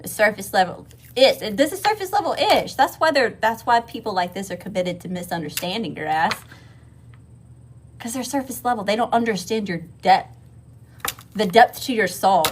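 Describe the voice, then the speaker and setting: A woman's voice: mid-range voice, a little hiss or hum. A woman from Mississippi with a Southern accent, giving a casual livestream tarot reading, swearing freely and calling her viewers y'all. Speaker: tarot reader.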